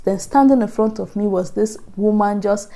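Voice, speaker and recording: Chatty Nigerian woman with a gravelly, mellow voice. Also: medium pitch, normal speed. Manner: chatty, laughing often, many "like, you know" fillers. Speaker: vlogger. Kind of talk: casual storytelling vlog.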